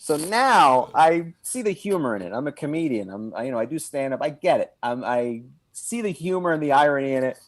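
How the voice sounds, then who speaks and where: A man telling a comic story in casual chat as a guest, with animated comic timing. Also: medium pitch, a little fast. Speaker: wrestling performer and guest.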